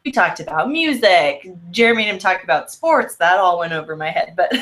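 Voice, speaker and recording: A woman's voice: lowish voice, big pitch swings, normal speed, a bit bright. A woman co-hosting a casual video-call chat, bubbly and rambling with frequent giggles. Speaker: co-host. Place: home office, video call.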